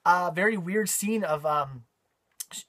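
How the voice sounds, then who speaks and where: A man's voice: high voice, measured pace, sharp tone. A man giving a casual spoken movie review, rambling with frequent ums and repeated words.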